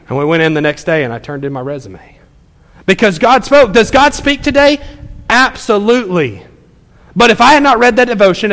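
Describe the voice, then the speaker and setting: A man preaching a sermon as pastor, animated, acting out people's replies in quick asides. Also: sits high, long reverb tail.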